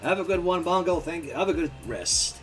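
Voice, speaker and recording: A man hosts a loose voice chat in a goofy, teasing way, with a high voice that jumps all over. Faint music plays behind him. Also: animated, fairly quick. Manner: playful, goofy, laughs often. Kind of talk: casual chat.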